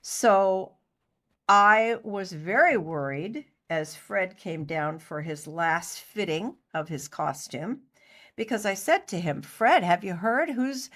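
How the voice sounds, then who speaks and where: A middle-aged woman, a guest on an interview show, telling a story in a lively, chatty way and acting out other people's lines. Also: mid-range voice, slow pace. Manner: animated anecdote teller, acts out other people's lines. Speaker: interview guest, costumer and actor.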